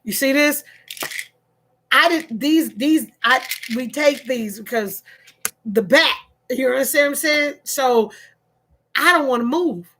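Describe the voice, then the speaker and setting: A middle-aged woman talks through a personal story for her vlog in an animated, casual way. She laughs often and circles back over her words. Her voice sits high and sounds bright. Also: slow pace, long pauses. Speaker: vlogger.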